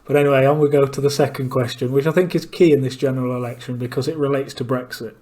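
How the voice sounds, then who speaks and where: A man's voice: mid-range voice, fairly even intonation, quick pace, warm tone. A man giving blunt, opinionated commentary between clips and asking pointed questions. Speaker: political commentator.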